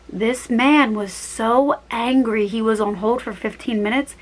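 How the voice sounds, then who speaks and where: Chatty young woman, slightly high voice. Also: unhurried, poor audio. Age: young adult, about 21. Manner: chatty, rambling, tangents and self-corrections; animated, acts out her own quoted lines. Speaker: vlogger. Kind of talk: casual storytime chat.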